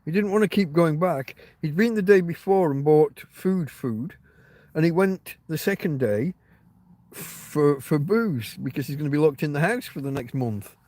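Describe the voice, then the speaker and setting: A man with a slightly high, slightly mellow voice hosts a casual livestream outdoors on private land, speaking expressively at a moderate pace. His stories ramble, carry a wry edge and include lots of swearing, all captured in a dry recording.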